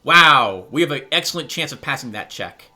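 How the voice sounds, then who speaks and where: Man, game commentary, casual, slightly high, lively pitch. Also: fast. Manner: thinks aloud, casual with fillers. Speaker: let's play host. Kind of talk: let's play commentary and narration.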